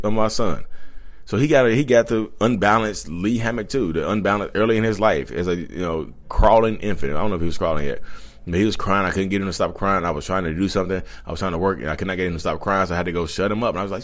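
Brief: man in his thirties, very low voice, fast and rambling, blunt vlog confessional. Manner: blunt, rambling, with self-corrections. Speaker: vlogger. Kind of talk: candid confessional monologue.

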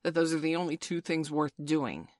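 A bossy young boy who growls out his complaints and gives orders, as a woman reader puts him on. The voice sits low and close in a dry room, the way a storybook reading sounds. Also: normal speed, darkish tone, dry recording, close to an everyday voice. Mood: grumbling.

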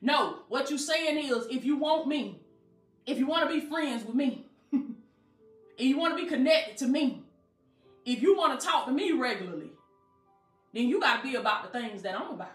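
A woman's voice: high voice, expressive, normal speed, long pauses, echoey room, faint music behind. A woman coach preaching motivationally, emphatic and colloquial, with call-and-response phrasing. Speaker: life coach.

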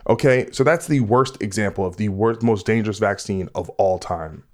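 A man with a lowish voice hosts a podcast and talks in a loose, casual way. He rants with heat and swears freely as he makes his points. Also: moderate pace, darkish tone. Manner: profane, heated ranting. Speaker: podcast host.

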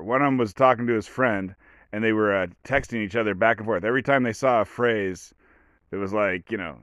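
A man's voice: fairly low pitch, moderate pace, fairly bright tone, clear, resonant tone, no echo. A man talking on his own show in casual commentary, rambling and sarcastic, full of restarts and fillers. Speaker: podcast host.

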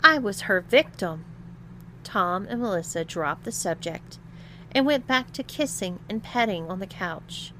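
A woman narrating an erotic audio story in a slow, even reading. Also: mid-range voice, slight background noise.

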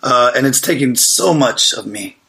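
A man in his thirties co-hosting a casual podcast, rambling and joking in quick banter. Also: mid-range voice, expressive, vocal fry, pushed and bright. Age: 30s. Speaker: podcast co-host. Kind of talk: casual chat. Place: home studio.

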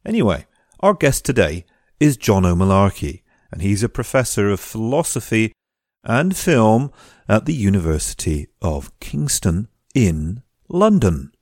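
A man's voice: fairly low pitch, very animated, a little slow, darkish tone, dry recording, clean studio sound. A man hosting a podcast, introducing the episode and its guest with wry, joking asides. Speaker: podcast host.

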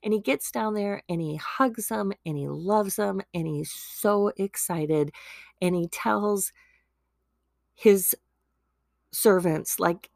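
Slow, gravelly-voiced woman podcaster. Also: medium pitch, darkish tone, no room sound, studio quality. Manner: chatty, peppered with "like". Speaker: podcast host. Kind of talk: casual Bible story retelling.

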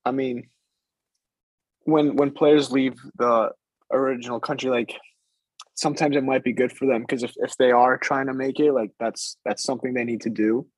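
A man's voice: mid-range voice, fairly even intonation, moderate pace, slightly rough, dry recording, poor audio. A young man, a soccer player being interviewed, talking casually and hesitantly, with many fillers as he thinks aloud. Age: young adult.

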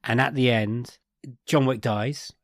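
A man co-hosting a podcast, chatting casually about a film with wry, rambling, deadpan asides. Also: medium pitch, slow pace, no room sound, clean studio sound. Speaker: podcast co-host. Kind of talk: casual film review chat.

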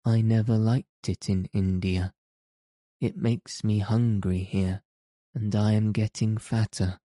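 A man's voice: lowish voice, steady tone, slow, dark tone, no echo, studio quality. A man voicing a timid, lonely little girl in an audiobook, with hesitant, stammering pleas. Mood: timid pleading. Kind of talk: audiobook character reading.

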